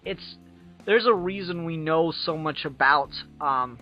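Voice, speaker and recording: A man's voice: on the high side, unhurried. A man co-hosting a podcast in casual chat, making wry, joking asides. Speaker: podcast co-host. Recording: dull lo-fi podcast audio with faint music.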